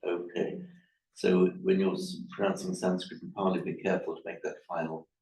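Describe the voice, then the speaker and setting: A man teaching a language class, correcting his students' pronunciation in a halting, repetitive way. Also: low-pitched, little pitch movement, dark tone. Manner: hesitant, repeats words, corrects pronunciation. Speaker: Pali teacher. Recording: echoey room, mic far off.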